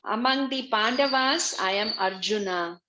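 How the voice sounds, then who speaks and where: A woman giving a religious class over a video call, explaining slowly and patiently, often repeating her phrases. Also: medium pitch, bright, forceful tone, rough recording. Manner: slow, repetitive, patient explaining. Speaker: spiritual teacher.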